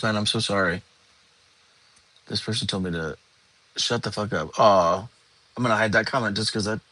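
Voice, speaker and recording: A man's voice: lowish voice, pushed and bright, no echo, rough recording. A middle-aged man hosting a casual livestream from his bedroom, tired and yawning, rambling and answering chat comments. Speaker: livestream host.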